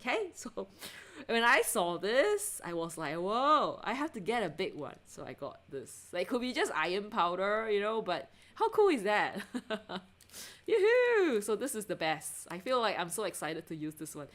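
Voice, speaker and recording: Woman livestream host, casual chatter, easily excited, laughs often, talks to her audience. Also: mid-range voice, moderate pace, hardly any pauses. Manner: chatty and excitable, lots of self-interruptions and giggles; asks viewers to check things, answers chat.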